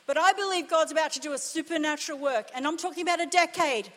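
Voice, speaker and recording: A woman's voice: sits high, fast talker, few pauses, a bit bright. A woman pastor preaching a sermon with impassioned, emphatic delivery and repeated phrases. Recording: long reverb of a church hall.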